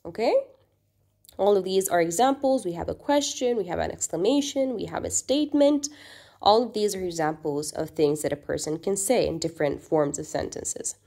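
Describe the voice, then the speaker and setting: Woman teacher, lively pitch, patient explanations, checks in with listeners. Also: brisk. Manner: reads quoted sentences in a lifted, acted-out voice. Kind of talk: recorded online grammar lesson.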